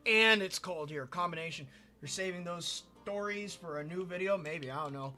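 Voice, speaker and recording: Over soft background music, a man with a high-pitched, bright, forceful voice and lively intonation talks at a moderate pace while streaming a building game. His casual story rambles, with frequent repetition and stumbles over words.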